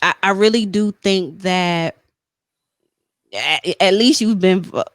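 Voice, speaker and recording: A woman's voice: on the low side, slow, dry recording, studio quality. A woman hosting a podcast in casual chat, talking earnestly and encouragingly and often checking in with "you know what I'm saying.". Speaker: podcast host.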